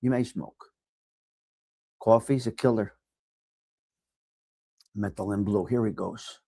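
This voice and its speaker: A middle-aged man with a New York accent hosting a casual live chat, giving blunt, profane tough love to viewers and swinging from low mutters to loud outbursts. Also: slow, vocal fry, breathy edge, no echo, studio quality. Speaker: livestream host reading chat.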